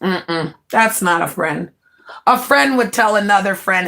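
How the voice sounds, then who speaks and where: A woman streamer in a brash, profane rant, mocking rivals and swinging between loud jabs and low mutters. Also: expressive, a little slow, creaky. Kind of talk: ranting livestream monologue.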